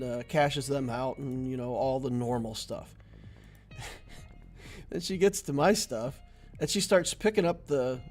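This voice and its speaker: A man's voice: mid-range voice, darkish tone. A man streaming a mobile strategy game, chatting casually and laughing often as he tells stories between turns. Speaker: gaming streamer. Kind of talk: casual gameplay commentary and chat.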